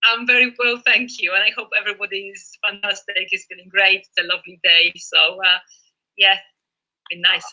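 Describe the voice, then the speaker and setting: A woman's voice: mid-range voice, flat delivery, a little fast, pushed and bright, muffled recording. A woman teaching a live online Spanish lesson in an encouraging, chatty way, with fillers.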